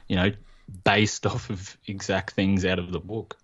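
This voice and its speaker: Deep flat-voiced man, lo-fi line. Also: measured pace, breathy edge. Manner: filler-heavy, rambling. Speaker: podcast guest. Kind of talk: casual podcast chat. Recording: dull lo-fi line.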